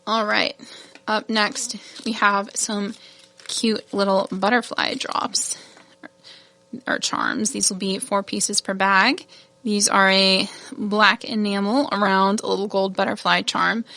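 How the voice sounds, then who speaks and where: A woman's voice: mid-range voice, animated, a little slow, vocal fry, pushed and bright. A woman hosting a casual product showcase, chatty and gushing, laughing at her own fumbles. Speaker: shop host showing new beads.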